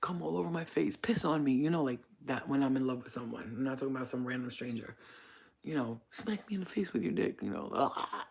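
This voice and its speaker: A woman's voice: rumbling low, animated, brisk, vocal fry, darkish tone, slightly rough. A woman hosting her own channel, telling frank, profane stories in a casual monologue. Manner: blunt, profane, frank storytelling. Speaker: channel host.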